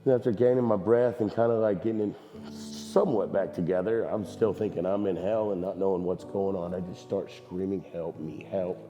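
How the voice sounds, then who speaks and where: A man giving a personal testimony at church, halting and earnest, with a voice worn from screaming. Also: low voice, steady tone, dark tone, in a large hall, soft background music. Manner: halting, earnest, many fillers.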